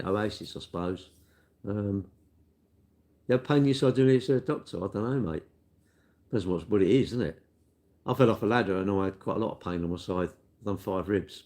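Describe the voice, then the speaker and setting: An older Englishman chats casually and rambles, poking fun at himself and calling everyone mate. His voice sits low with a gravelly, creaky edge. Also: a little mellow. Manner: rambling, self-deprecating, matey. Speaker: cake shop worker answering viewer questions. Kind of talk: casual chat.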